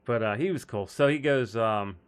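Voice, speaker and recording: Rambling, laughing golf-stream host. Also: male voice, mid-range voice, moderate pace, smooth. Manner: rambling storyteller, many restarts and laughs. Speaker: golf instructor hosting a live stream. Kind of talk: casual live-stream chat.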